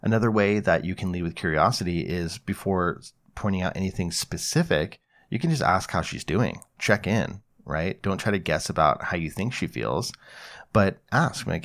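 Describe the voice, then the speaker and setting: A man hosting an advice podcast, calmly explaining and acting out example conversations. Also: sits low, moderate pace. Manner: calm, explanatory, acts out example dialogue. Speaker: podcast host, psychologist.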